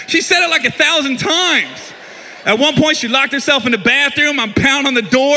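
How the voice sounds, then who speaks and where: A man performing a stand-up comedy set, telling a story in an animated way and yelling his punchlines loud. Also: very high voice, normal speed, in a large hall, some chatter behind, a little hiss or hum.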